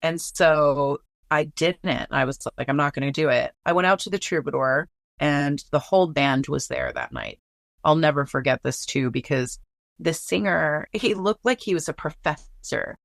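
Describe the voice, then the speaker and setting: A woman's voice: low-pitched, sing-song, normal speed, vocal fry, dry recording, studio quality. A woman telling a painful personal story in an earnest, candid way, swearing now and then. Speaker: guest.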